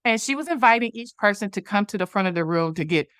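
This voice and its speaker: A woman's voice: medium pitch, expressive, fast talker, fairly bright tone, smooth, no echo, clean studio sound. A woman interview guest telling a personal story, animatedly acting out the dialogue from it. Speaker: guest, movement founder.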